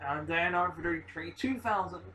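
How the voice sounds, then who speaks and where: A man rambling excitedly in a casual monologue, swearing often as he gives predictions. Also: high voice, normal speed, distant mic, slight background noise, rough recording. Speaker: video maker giving predictions.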